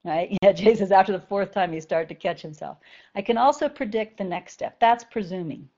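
A woman's voice: medium pitch, fairly quick, mellow, dull audio. A woman spiritual teacher talking conversationally to a group of students and often checking in with "right?".

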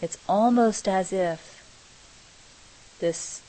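A middle-aged woman giving a reflective spiritual talk, speaking slowly and softly with many pauses. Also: medium pitch, poor audio. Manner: slow, soft, pausing and searching for words. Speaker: spiritual teacher.

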